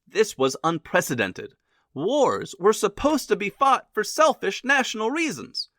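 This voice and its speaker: A male narrator reads a scripted history lesson with jokes and asides. His voice sits a little high and swings widely. The sound is dry and close. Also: unhurried, no room sound. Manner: lively and wisecracking.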